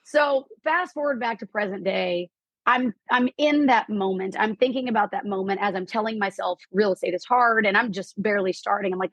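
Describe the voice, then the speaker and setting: Animated woman telling a story. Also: mid-range voice, a little fast, dry recording. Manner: animated, quotes herself and others in lively voices. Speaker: podcast guest, real estate investor. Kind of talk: storytelling in an interview.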